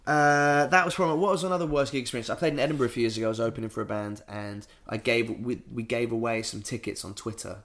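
A man's voice: medium pitch, fast, hardly any pauses, a bit bright. A man co-hosting a podcast, casually telling anecdotes, swearing and acting out what people said. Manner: swearing, acts out quotes in the story. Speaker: podcast co-host. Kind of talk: casual chat, storytelling.

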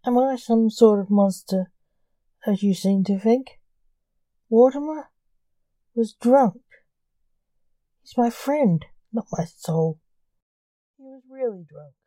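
A woman's voice: on the high side, slow, long pauses, dark tone, no echo. A woman reading the part of a famous male stage illusionist, defensive and nervous.

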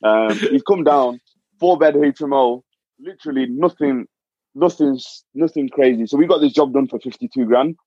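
A man's voice: mid-range voice, moderate pace, dry recording. Storytelling man, dull dry sound. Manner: animated storytelling, repeats words when excited. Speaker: property investor guest. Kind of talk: casual podcast chat.

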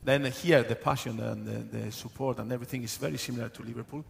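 Gravelly man, football manager, halting speech with fillers, chuckles often, faint background hum. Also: mid-range voice, fairly even intonation. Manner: halting, many fillers and restarts, laughs often. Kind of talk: live on-stage interview answers. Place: stage at a live audience event.

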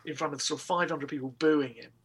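Guy rambling through a funny story, kinda high and husky. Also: fast talker. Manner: animated storytelling with laughter and restarts. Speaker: guest comedian. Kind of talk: casual anecdote on a talk show.

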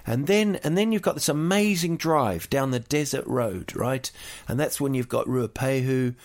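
A man's voice: medium pitch, normal speed. A man from New Zealand with a New Zealand accent, chatting casually and telling rambling, jokey stories full of fillers and restarts. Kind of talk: casual chat.

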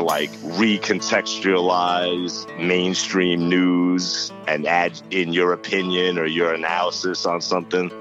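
A man's voice: low-pitched, highs cut off. A man from New in his forties, telling his life story in a loose, casual interview full of "you know" and "like". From Yonkers, New York. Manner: loose, conversational, many fillers like "you know" and "like". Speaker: interview guest.

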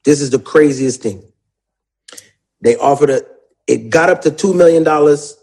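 A man's voice: on the high side, normal speed, creaky, a little mellow. A man, a songwriter, in a casual interview, telling his story animatedly with plenty of slang and profanity.

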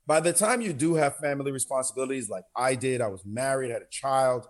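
A man's voice: medium pitch, brisk. A man from New York, a guest on a podcast, speaking in a plain, reflective way. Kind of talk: casual interview talk.

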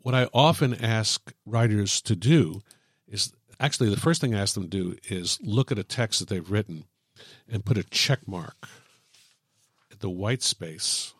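Man, low voice, dry sound, thoughtful writing teacher, explains with examples. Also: a little slow, slightly rough, no room sound. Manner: thoughtful, illustrates points with examples and jokes. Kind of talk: explaining on a podcast.

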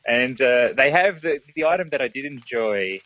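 A man talking casually from an airport, relaxed and laughing, with many hesitations. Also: mid-range voice, moderate pace, slight background noise, poor audio. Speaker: podcast co-host. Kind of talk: casual podcast chat.

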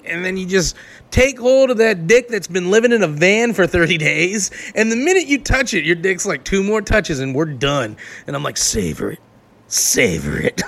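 A man telling crude, animated road stories in casual chat, laughing as he goes. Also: high-pitched. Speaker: touring performer. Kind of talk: raunchy casual storytelling.

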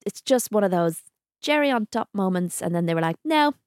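A woman's voice: lowish voice, lively intonation, fairly quick, a little mellow, dry recording, clean studio sound. A woman co-hosting a football podcast, chatty, enthusiastic and teasing. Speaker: podcast co-host. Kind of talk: casual football chat.

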